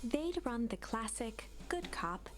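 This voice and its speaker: Hushed woman reading a spooky story. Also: a little high, sing-song, slow, faint music behind. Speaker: narrator of a story game. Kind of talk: scripted narration read aloud.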